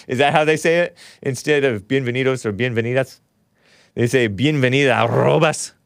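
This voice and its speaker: A man's voice: medium pitch, a little fast, clean tone, no echo, clean studio sound. Sarcastic man hosting a live stream. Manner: sarcastic, mocking, reads chat aloud. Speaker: host. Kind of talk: opinionated live-stream commentary.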